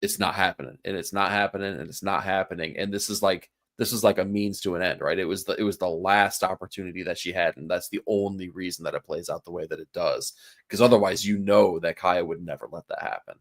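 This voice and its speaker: A man's voice: sits low, fairly even intonation, fast. A man co-hosting a casual comic book podcast, earnest and analytical, repeating phrases for emphasis. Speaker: podcast co-host.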